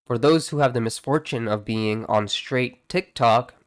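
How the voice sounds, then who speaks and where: A man's voice: mid-range voice, unhurried. Young man ranting with slangy banter. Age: young adult. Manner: profane slangy banter, lots of "bro" and "like". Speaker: YouTube commentator. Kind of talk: casual commentary vlog.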